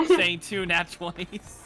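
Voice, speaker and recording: A man's voice: high-pitched, sing-song, slow pace, over music. A man running a tabletop game as game master, laughing often and swearing casually as he makes rulings.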